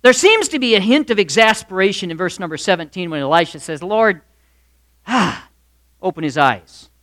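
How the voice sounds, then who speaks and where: A man preaching a sermon, retelling a Bible story in an animated way and acting out the voices of its figures. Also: sits high, normal speed. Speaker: pastor.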